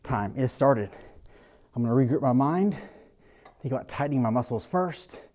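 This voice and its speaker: A man's voice: medium pitch, animated, moderate pace, pauses often, darkish tone. A man who works as a personal trainer, coaching a workout in a casual, blunt way and swearing freely.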